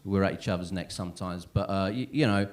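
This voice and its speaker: His voice is low-pitched and fairly quick as this man in his thirties performs stand-up in a comedy club. He rambles and puts himself down, constantly checking with the crowd with lots of "right?" and "yeah?".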